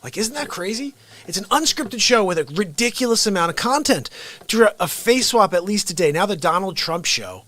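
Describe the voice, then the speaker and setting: A man hosting his own unscripted livestream, chatting casually in an excitable, rambling way with frequent restarts. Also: high voice, moderate pace. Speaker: livestream host and impressionist.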